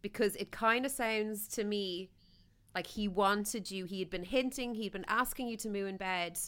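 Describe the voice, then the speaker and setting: A woman's voice: mid-range voice, moderate pace, a bit bright, clean tone. A woman co-hosting a podcast, giving playful, bawdy advice in casual chat. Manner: bawdy, playful, bursts into silly sing-along. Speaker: podcast co-host.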